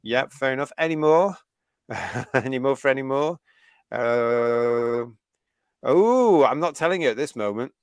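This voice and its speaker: Male host from the UK, middle pitch, keen and chatty, laughs a lot, close dry mic. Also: animated, a little slow, clear, resonant tone, dry recording. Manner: chatty and enthusiastic, laughing often. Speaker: host of a fan review livestream. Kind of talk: live stream chat, reading viewer comments.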